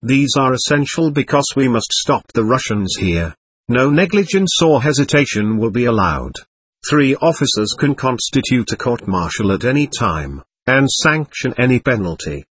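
A hard, commanding army captain lays out orders and threats in clipped sentences, as a male narrator puts him on. The husky voice moves in a lively pitch and sits close and dry. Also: moderate pace, no room sound. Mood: stern commanding. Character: stern German army captain, commanding and harsh.

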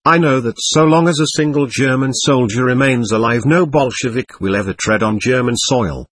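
A man's voice: medium pitch, normal speed, a bit bright, husky, no room sound. A man voicing a pompous German army major giving a stiff, formal rallying speech to troops. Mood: rousing formal.

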